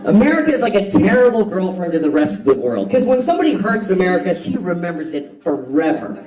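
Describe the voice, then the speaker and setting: A man's voice: high-pitched, very animated, fast talker, darkish tone. A man doing a blunt, profane stand-up comedy routine on a theater stage, acting out voices for a live audience. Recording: echoey hall, distant mic, audience laughter.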